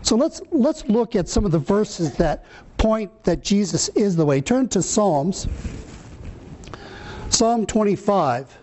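High, mellow-voiced male preacher. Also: sing-song, a little hiss or hum. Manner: earnest, slow scripture reading, fillers and restarts. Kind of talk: sermon.

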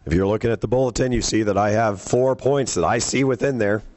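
Man, preacher, sermon, low voice, conversational, asks the audience questions. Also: fast, darkish tone, a little hiss or hum. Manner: conversational, quizzes the listeners. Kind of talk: sermon teaching from scripture.

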